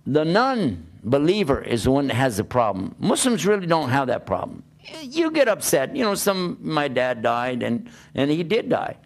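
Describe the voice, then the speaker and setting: A man giving a religious talk to an audience, lively and questioning, often acting out the voices of the people he quotes. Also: a little high, moderate pace, vocal fry. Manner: animated, plays out quoted voices and asks rhetorical questions. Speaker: Islamic preacher.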